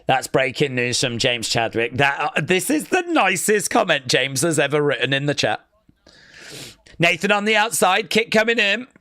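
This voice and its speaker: A man hosting a live watch-along stream, chatting casually, reading out viewer comments and calling the action with sudden excitement. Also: medium pitch, no room sound, studio quality. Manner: excitable, chatty, reads chat aloud.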